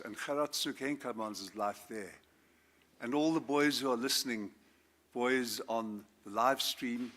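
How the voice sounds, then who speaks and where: A South African man in his seventies, a former judge, giving a formal speech to a school assembly. He speaks in a measured, formal way and lifts his voice on key words. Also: mid-range voice, pushed and bright. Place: school assembly, speaker standing before students.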